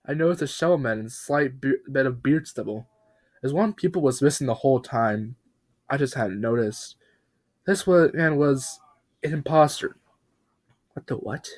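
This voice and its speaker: A man narrating a parody creepypasta in a mock-serious, deadpan tone with dramatic pauses. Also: mid-range voice.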